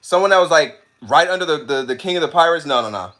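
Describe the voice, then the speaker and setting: Fast-talking and a little high-pitched, the streamer reads his chat's comments in relaxed slang. His delivery is animated, full of repetition, and frequently interrupted by laughter.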